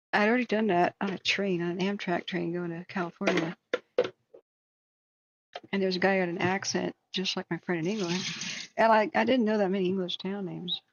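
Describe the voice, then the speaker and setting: A woman's voice: mid-range voice, creaky, highs cut off, noisy background. A woman host on a live stream, telling a long self-deprecating story in a rambling way with many fillers. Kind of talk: casual storytelling.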